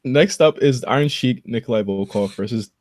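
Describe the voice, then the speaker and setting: A man's voice: medium pitch, normal speed, darkish tone, dry recording, studio quality. A young man co-hosting a casual podcast, running down old wrestling matches in a laid-back way, with "dude" and "bro" here and there. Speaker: podcast co-host. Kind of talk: casual chat reviewing old wrestling shows.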